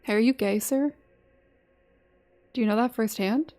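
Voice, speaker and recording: A woman's voice: a little high, unhurried, long pauses, warm tone. A woman streaming a game, reading its dialogue aloud between chatty asides. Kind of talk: live-streamed gameplay commentary.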